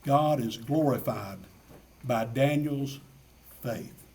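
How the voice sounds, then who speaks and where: A man's voice: mid-range voice, takes it slowly, vocal fry, a little mellow, distant mic. A man preaching a sermon in an earnest way, asking many rhetorical questions and repeating his key phrases.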